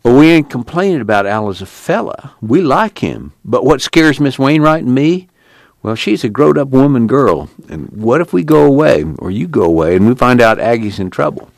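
A man voicing a worried, humble older farmer father with a halting drawl. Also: medium pitch, very animated, creaky, no room sound, voice pushed up. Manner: anxious, halting plea.

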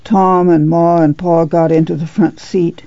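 A woman narrating a novel in a measured, low-key reading, on a dull lo-fi recording. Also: little pitch movement, dark tone, no echo. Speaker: audiobook narrator. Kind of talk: scripted narration.

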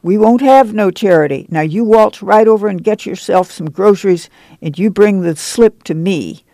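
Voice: mid-range voice, normal speed, mellow, no room sound, voice pushed up, lightly acted. A reader voicing a stern middle-aged woman who runs a camp committee, scolding in a rural drawl. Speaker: reader doing character voices. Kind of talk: audiobook reading.

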